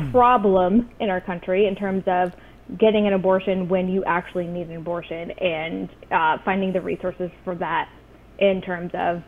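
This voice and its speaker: A woman's voice: lowish voice, fairly even intonation, normal speed. A woman co-hosting a casual podcast chat, talking earnestly and a little hesitantly, with fillers. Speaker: podcast co-host. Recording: tinny phone-like line.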